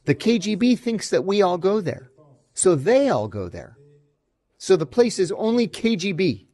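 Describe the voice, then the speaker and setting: A man's voice: high-pitched, moderate pace. A middle-aged man, a former intelligence officer, telling stories in an interview and acting out the dialogue. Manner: animated anecdotes, acts out quoted dialogue. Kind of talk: storytelling interview answers.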